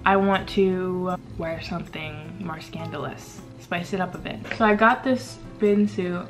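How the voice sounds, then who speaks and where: A woman's voice: on the low side, measured pace, over music. A young woman vlogging casually to the camera, rambling and chatty with lots of fillers while doing her makeup at home. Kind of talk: casual vlog chat.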